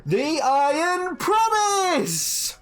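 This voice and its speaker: A game master voicing a female innkeeper who announces the teams of a tavern drinking contest in slow, drawn-out calls. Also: very high-pitched, huge pitch swings, a bit bright, voice pushed up, heavily acted. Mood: grand announcing.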